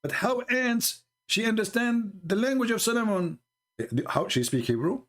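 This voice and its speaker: A man whose first language is not English, giving a mocking, sarcastic monologue that jumps into high voices when he quotes people. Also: normal speed. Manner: sarcastic, mocking, animated retelling with bursts of laughter. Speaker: religious commentator.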